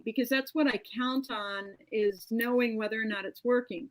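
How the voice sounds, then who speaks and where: A woman's voice: on the high side, fairly even intonation, moderate pace, few pauses, bright, forceful tone, poor audio. A woman comedian chatting casually as a guest, telling stories with frequent restarts. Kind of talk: casual joke workshop chat.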